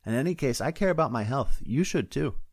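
A man's voice: mid-range voice, expressive, a little fast, slightly rough, no room sound, clean studio sound, pitched above the performer's own voice. A man voicing a fussy, health-minded young female deputy who talks in a prim, questioning way.

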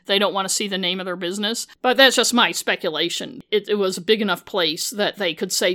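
Chatty woman true crime podcaster, bright punchy voice, sarcastic asides, swears a lot. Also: mid-range voice, brisk, hardly any pauses. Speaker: podcast host; former journalist. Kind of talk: casual true-crime narration.

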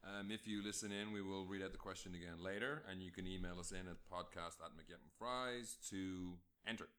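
A man's voice: low-pitched, fairly even intonation, a little fast, bright, forceful tone. A man co-hosting a movie podcast, slipping in dry quips and reading the sponsor plugs and show business. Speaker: podcast co-host. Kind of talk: casual chat with sponsor plugs.

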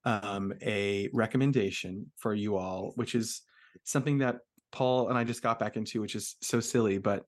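A man's voice: on the low side, steady tone, moderate pace. A man co-hosting a podcast, chatting casually and making wry jokes. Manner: joking, wry asides. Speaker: podcast co-host. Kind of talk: casual chat.

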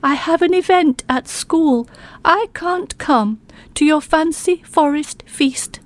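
A woman's voice: high-pitched, slow pace, voice pushed up. A woman voicing a kindly female porcupine principal in a storybook, sounding apologetic.

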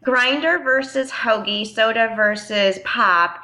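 A woman's voice: medium pitch, a little slow, sharp tone, rough recording. A woman from Connecticut, a coaching guest answering questions in a friendly, thoughtful way. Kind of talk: interview answers.

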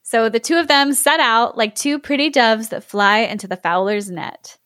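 A woman podcast host reading a fairy tale aloud in a measured way, breaking into casual chat. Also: fairly high pitch, animated, fairly bright tone, dry recording, clean studio sound.

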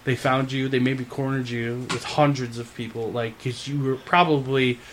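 A man's voice: mid-range voice, steady tone, normal speed. A man leads a casual tabletop game session, rambling through his points with plenty of "like" and "uh". His voice sits in the middle range. Faint noise hums under the recording. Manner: rambling, filler-heavy, laughing. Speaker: game master.

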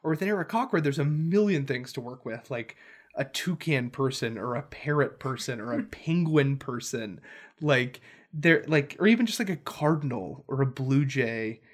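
A man co-hosting a casual tabletop game podcast, talking in an animated, rambling way and laughing often. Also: mid-range voice, normal speed. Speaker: podcast co-host. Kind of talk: casual chat about tabletop games.

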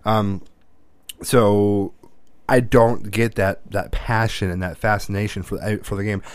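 A man's voice: fairly low pitch, fairly even intonation, unhurried, clean tone, dry recording. A father chatting casually, rambling, cursing and restarting his sentences often. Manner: rambling, profane, with many restarts. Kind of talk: casual chat.

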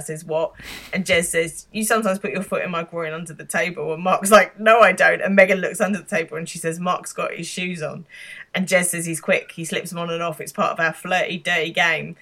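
A woman's voice: on the low side, bright, forceful tone. A British woman co-hosting a podcast, casually retelling a TV episode and laughing as she goes. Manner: laughs often, acts out quoted lines. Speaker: podcast co-host. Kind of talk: casual chat recapping a TV episode.

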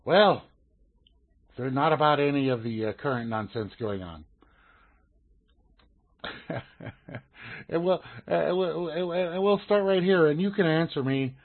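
An easygoing man reads news stories on a casual podcast, stammering into restarts and laughing along. His voice sits a little high for a man. The sound is narrow and phone-like. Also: measured pace, pauses often. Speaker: podcast co-host.

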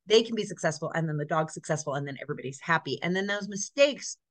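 A woman's voice: deep voice, animated, fast, dry recording. A woman from California, a dog trainer chatting as a guest in an earnest, rambling way. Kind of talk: casual chat.

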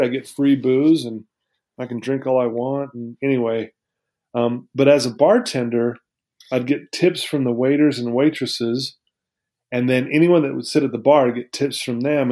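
A man's voice: mid-range voice, warm tone. A man as an interview guest, telling a personal story in an earnest, heartfelt, reflective way.

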